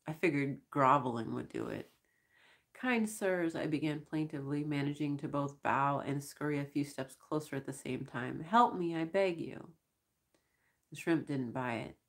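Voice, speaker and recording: A woman reads first-person science fiction in a deep, gravelly register. Her delivery is measured, with a dry, wry edge. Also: fairly even intonation. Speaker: audiobook reader. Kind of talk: first-person sci-fi narration.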